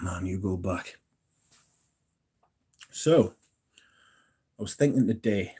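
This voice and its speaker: Guy in his 30s, lowish mellow voice, rambling sweary chat with his stream. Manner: rambling and profane, answers chat questions. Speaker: livestream host. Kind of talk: casual chat with viewers.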